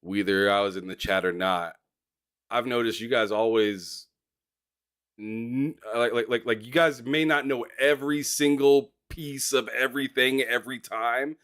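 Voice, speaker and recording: A man's voice: medium pitch, a little slow, a bit bright, smooth. A man hosting a casual gaming interview, encouraging and given to repeating words as he talks. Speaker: host.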